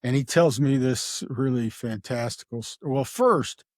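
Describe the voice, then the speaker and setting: A middle-aged man talks through an old case in a loose, rambling way, full of fillers. He slips into the voices of the people he quotes. His voice sits at an ordinary pitch, and the sound is dry and close. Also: unhurried, a little mellow, no room sound. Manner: rambling, acts out quoted dialogue, many fillers. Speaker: retired homicide detective, guest. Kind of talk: casual true-crime storytelling.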